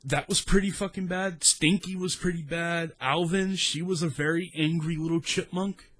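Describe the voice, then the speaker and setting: A man's voice: fairly high pitch, steady tone, moderate pace, fairly bright tone. A man in his thirties with a South Texas accent, telling a rambling, profane story in casual story time.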